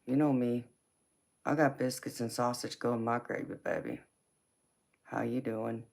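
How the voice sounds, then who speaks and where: A woman's voice: rumbling low, a little slow, vocal fry. Woman with a Southern Georgia drawl. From California. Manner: drawling, relaxed, calls people baby. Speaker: tarot reader on a livestream. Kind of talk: casual live chat reading viewer comments.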